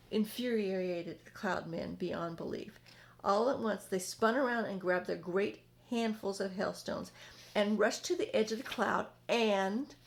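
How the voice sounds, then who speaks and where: A woman reading a children's book aloud in an expressive, dramatic way. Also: mid-range voice, creaky. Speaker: storyteller.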